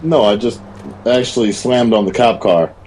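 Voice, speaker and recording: A man's voice: lowish voice, moderate pace, a little mellow, husky. A man playing a video game with a friend, answering his teasing with short, dry comebacks. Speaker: co-player. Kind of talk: casual let's-play banter.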